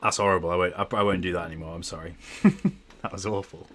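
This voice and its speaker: A man's voice: low voice, fairly even intonation, rapid-fire, fairly bright tone, a little hiss or hum. A man streaming from home, chatting casually with a rambling, self-deprecating manner. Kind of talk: casual livestream chat.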